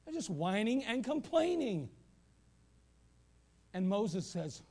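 A male pastor preaching a sermon in a church, animated, with asides and repeated phrases. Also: high voice, takes it slowly, pauses often, breathy edge. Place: church sanctuary.

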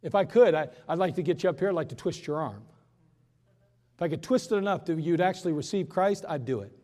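Impassioned high-voiced preacher. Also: male voice, expressive, quick pace, a little mellow, big-room sound. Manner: impassioned preaching, rising and falling in force. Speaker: pastor. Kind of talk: sermon. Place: church.

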